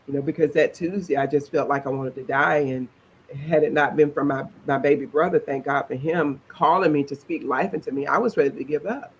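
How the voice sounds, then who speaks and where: A woman's voice: low voice, fairly quick, muffled recording, a little hiss or hum. A middle-aged woman, telling her own story in a chatty interview and laughing as she goes. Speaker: interview guest.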